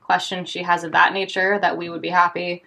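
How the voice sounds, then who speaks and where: A woman's voice: lowish voice, flat delivery, brisk, creaky, pushed and bright, poor audio. A young woman co-hosting a casual podcast, telling rambling stories with dry jokes and the odd swear. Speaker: podcast co-host. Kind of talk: casual chat.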